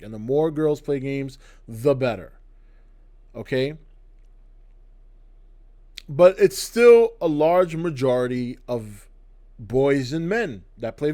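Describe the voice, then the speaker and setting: A man's voice: a little high, a little mellow. Blunt ranting middle-aged man. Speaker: channel host. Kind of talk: opinionated video commentary. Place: indoors, to camera.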